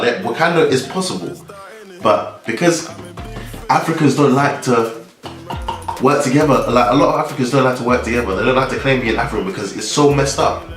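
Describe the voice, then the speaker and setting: A man's voice: mid-range voice, fairly bright tone, roomy sound. A young man from Nigeria giving a rambling, casual vlog monologue full of restarts and fillers.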